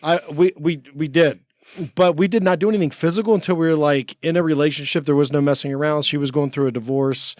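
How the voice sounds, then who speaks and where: A man in his forties from the United States tells stories as a studio podcast guest, in a slightly high voice. He rambles and restarts often, filling his talk with "like." The recording is dry and close, with no room echo. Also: steady tone, fast talker, a little mellow. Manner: rambling, many restarts and "like" fillers. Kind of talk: casual storytelling chat. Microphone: studio mic.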